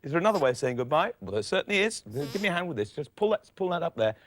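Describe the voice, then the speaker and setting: A man's voice: high-pitched, lively intonation, racing, vocal fry, a crowd in the background. A man presenting a children's puppet show, talking in a flustered, stammering way.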